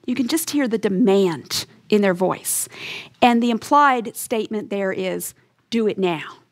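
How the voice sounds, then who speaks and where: A woman's voice: medium pitch, lively intonation, a little slow. A woman giving a radio Bible teaching, earnest and emphatic, leaning into key words.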